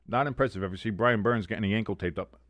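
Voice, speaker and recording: A man hosting a live sports watch-along, talking through the plays, swearing freely and arguing loudly with the referees' calls. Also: fairly low pitch, fast, no echo. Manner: excitable, swears, argues with the referees.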